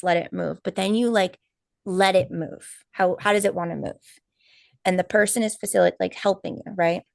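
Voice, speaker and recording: A woman co-hosting a live stream, telling a personal story in casual chat, animated and full of fillers and quoted asides. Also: on the low side, vocal fry, no echo, studio quality. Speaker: co-host of a spiritual healing live stream.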